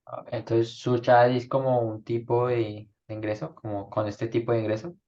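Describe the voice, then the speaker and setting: A man's voice: medium pitch, level tone, fairly quick, warm tone, highs cut off. A man, a student in an online English class, reading aloud hesitantly and asking questions.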